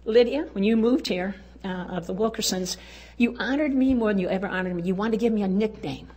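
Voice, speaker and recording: A woman's voice: medium pitch, fairly quick, dark tone. An older woman giving a folksy, exuberant testimony talk at a church women's event, urging and cheering her listeners on. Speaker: women's conference speaker.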